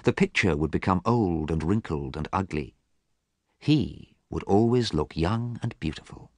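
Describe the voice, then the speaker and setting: Deep-voiced man reading a story. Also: animated, dry recording, studio quality. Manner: clear, measured, simple reading. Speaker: narrator. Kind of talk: scripted audiobook narration.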